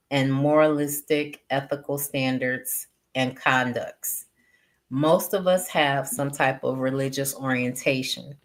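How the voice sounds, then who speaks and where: A woman slowly reading a text aloud and adding her own comments, pausing between phrases. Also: sits low. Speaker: reader and teacher.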